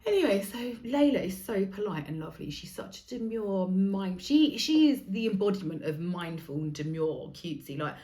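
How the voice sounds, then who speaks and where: In a casual storytelling monologue, a woman in her 40s who hosts a podcast speaks with a dark, mid-range voice full of big pitch swings, at normal speed with few pauses. She chats away, swearing freely and performing other people's lines.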